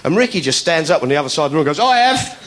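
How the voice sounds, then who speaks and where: A man doing stand-up storytelling, animated and laughing, slipping into high voices to mimic people. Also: racing. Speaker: stand-up comedian.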